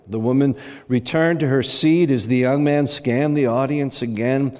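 A man's voice: mid-range voice, normal speed. A male preacher telling an illustrative story during a sermon. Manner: animated storytelling. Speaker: pastor. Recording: reverberant church hall.

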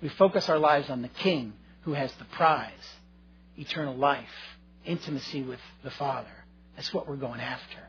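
A man's voice: medium pitch, moderate pace, a bit bright, muffled recording, slight background noise. A male pastor preaching a sermon, earnest and conversational, addressing his listeners directly.

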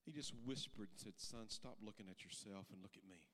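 A male pastor preaching a sermon in a folksy, plain-spoken way, swinging from quiet intimate talk to loud impassioned preaching. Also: lowish voice, a little fast.

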